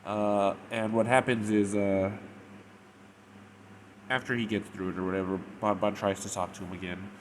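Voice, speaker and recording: A man's voice: fairly low pitch, little pitch movement, moderate pace, pauses often, a little hiss or hum. A man retelling a story in a casual, rambling way, with frequent "like" and "or whatever". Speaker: fanfic reviewer. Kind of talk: casual spoken review.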